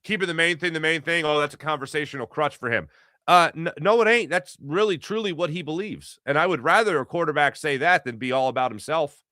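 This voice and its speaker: A man hosting a sports show, arguing his point in a fast, animated monologue full of rhetorical questions. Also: a little high, dry recording, clean studio sound. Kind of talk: casual sports commentary monologue.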